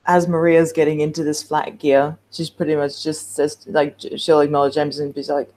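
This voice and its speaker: A woman playing a tabletop game, chatting casually about her character. Her voice sits very low for a woman. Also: level tone, moderate pace, darkish tone. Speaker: player.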